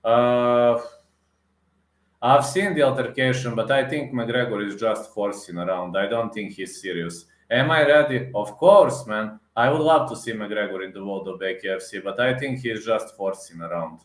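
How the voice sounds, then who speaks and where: A man with a fairly low voice rants heatedly to camera like an MMA reaction vlogger. He circles back to the same points and stresses them again. His voice carries a noticeable echo off the room. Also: normal speed. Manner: repetitive, emphatic, many fillers and restarts. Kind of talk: heated casual rant to camera.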